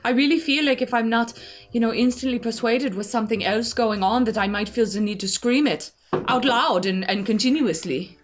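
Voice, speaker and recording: A woman's voice: a little high, normal speed, music in the background. A woman playing a tabletop game, wry and teasing. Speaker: player. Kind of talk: in-character tabletop role-play.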